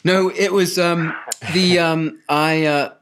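Middle-aged man, English accent, dry wit, halting podcast guest chat. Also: on the high side, fairly even intonation, fairly bright tone, slight background noise. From born in Hawaii, raised in Portugal and England. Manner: wry, self-deprecating, hesitant restarts.

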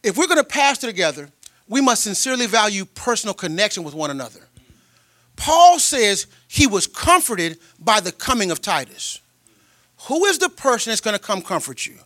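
Pastor guy preaching, pretty high voice, gets loud then real quiet, tells stories casual. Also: big pitch swings, moderate pace, no echo. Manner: emphatic preaching that swings from loud to quiet and tender; colloquial, storytelling delivery. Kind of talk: sermon. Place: church.

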